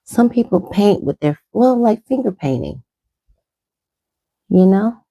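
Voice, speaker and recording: This middle-aged woman, a makeup vlogger, chats and rambles her way through a casual tutorial while applying makeup. She speaks slowly but very animatedly, at a medium pitch with a dark tone. The audio is dull and echo-free.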